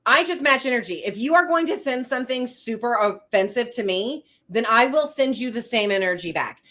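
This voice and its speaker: A middle-aged woman from the United States co-hosts a casual live-stream chat. Her voice sits a little high, and she speaks in firm, steady terms, laying her points out plainly. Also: fairly quick. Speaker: co-host.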